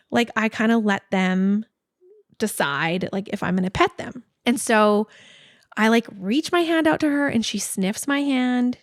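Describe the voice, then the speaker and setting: High-voiced animated woman in her forties. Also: dry recording, studio quality. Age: 40s. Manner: animated storytelling, many "like" fillers. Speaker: podcast co-host. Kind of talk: casual chat.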